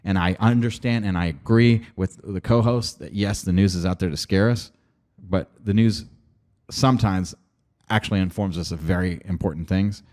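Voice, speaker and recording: A man's voice: sits low, moderate pace, darkish tone. A man hosting a lawyer's podcast, reacting to a radio clip with emphatic, alarmed commentary and repeated warnings.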